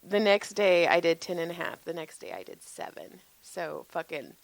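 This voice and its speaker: A woman, telling stories in a casual podcast chat, animated and laughing, often swearing and acting out what people said. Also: fairly low pitch, normal speed, creaky, no echo. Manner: animated, laughing, swearing freely, acts out quotes. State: tired. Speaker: podcast co-host, massage therapist.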